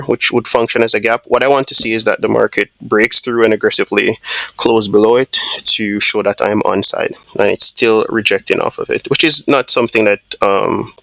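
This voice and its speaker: A man with a fairly low voice that has a gravelly, crackly texture and a bright, forward edge talks through a live trade on his screen. He thinks aloud in a loose, casual way, full of ums and restarted phrases. The sound is dry and close, with no room around it. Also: dry recording. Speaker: trading video host.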